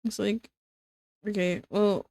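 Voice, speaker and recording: Slow, rambling young woman streamer. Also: mid-range voice, steady tone, gravelly, darkish tone, no room sound, studio quality. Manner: rambling, filler-heavy, breaks into laughter. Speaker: streamer and illustrator. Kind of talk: casual chat while drawing.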